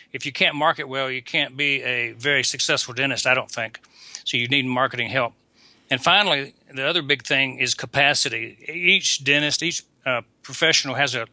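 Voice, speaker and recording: A man, a dentist guest talking in a folksy, unhurried way. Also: mid-range voice, bright, forceful tone, dry recording. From Atlanta, Georgia. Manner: folksy, unhurried, with frequent restarts. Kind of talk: casual interview talk. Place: visiting abroad, remote call.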